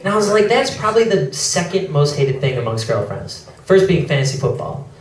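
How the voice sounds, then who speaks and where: Performing stand-up on a club stage, this young man sounds sheepish and apologetic, his slightly high voice swinging widely in pitch as he pokes fun at himself and briefly imitates others. He's captured from afar in a reverberant room, with a little background noise and bursts of crowd laughter.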